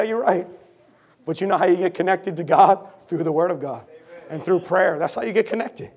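A middle-aged man preaching a sermon with a sore throat, fervent and emphatic, swinging between shouted lines and low, intense asides as he calls out to the congregation. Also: slightly rough.

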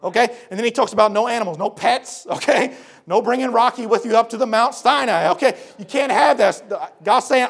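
In a voice with vocal fry and a slightly quick pace, a man gives a folksy, earnest sermon, addressing everyone as folks and shifting from quiet explaining to shouted appeals.

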